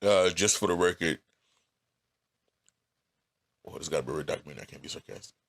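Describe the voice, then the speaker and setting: A man interviewing a guest, asking short questions with relaxed, joking asides. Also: low voice, a little fast, gravelly.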